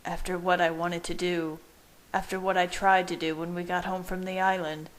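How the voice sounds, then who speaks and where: A woman voicing a brooding, devoted young husband who speaks in a hushed, choked, apologetic way in her own low voice. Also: little pitch movement, moderate pace, lightly acted. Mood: remorseful.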